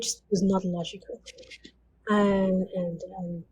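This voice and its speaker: A woman sharing her testimony as an interview guest, in a warm, mellow voice. She speaks earnestly and conversationally, often slipping in 'you know' as she goes. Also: fairly low pitch, flat delivery, slow, a little hiss or hum, low-quality recording. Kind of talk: personal testimony storytelling.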